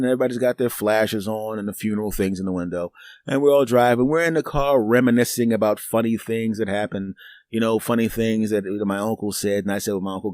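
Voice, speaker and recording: A man's voice: lowish voice, dry recording, clean studio sound. A middle-aged man hosting a podcast, telling a long story in a loose, rambling way, repeating words and acting out both sides of conversations. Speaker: podcast host. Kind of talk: casual storytelling monologue.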